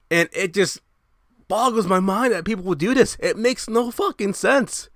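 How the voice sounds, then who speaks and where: A young man hosting his own show, ranting in a brash, profane, animated way. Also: high voice, moderate pace, dry recording, studio quality. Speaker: show host. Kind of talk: casual ranting monologue.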